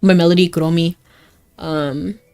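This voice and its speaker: A woman's voice: on the low side, fairly even intonation, normal speed, darkish tone, clear, resonant tone. A young woman streaming a game, chatting casually and rambling to her chat with frequent giggles. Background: faint game music.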